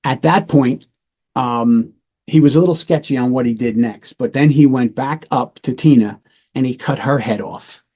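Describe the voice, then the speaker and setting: Man, middle-aged, mellow dark voice, matter-of-fact, true-crime storytelling, former police lieutenant. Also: mid-range voice, normal speed. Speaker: retired police lieutenant, podcast host.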